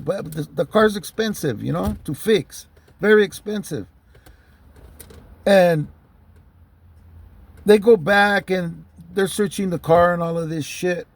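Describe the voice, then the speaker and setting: Gravelly man telling a street story. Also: sits high. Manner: loose and profane, many fillers like "you know". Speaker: storyteller recounting a police stop. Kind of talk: casual spoken storytelling.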